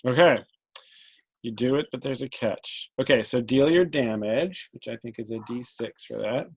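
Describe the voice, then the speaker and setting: A man running a tabletop game as game master, thinking aloud and pausing on many ums as he talks. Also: medium pitch, a little mellow, slightly rough, low-quality recording.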